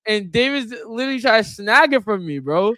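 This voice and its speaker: A young man co-hosting a sports podcast, excitable and loud, groaning and shouting at the results. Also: high-pitched, fairly quick, dry recording. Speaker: podcast co-host.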